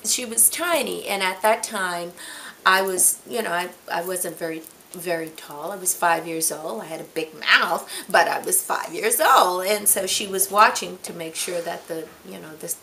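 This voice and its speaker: Bright-voiced older actress telling stories. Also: female voice, lowish voice, gravelly, slight background noise. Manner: animated, acts out quotes. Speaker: stage actress. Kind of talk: anecdotal storytelling.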